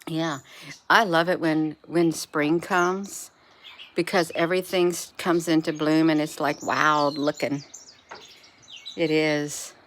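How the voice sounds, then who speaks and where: A woman's voice: low voice, steady tone, slow, slight background noise. A middle-aged woman vlogging in a rambling, casual way, cooing fondly at her pet cat between remarks. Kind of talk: casual vlog chat.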